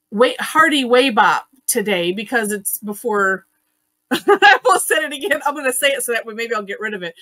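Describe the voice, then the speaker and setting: A woman's voice: fairly high pitch, a bit bright, no echo. A woman hosting an online drawing class over a video call, chatty and giggly, with lots of fillers and restarts. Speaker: online art class host. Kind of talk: casual live-stream teaching.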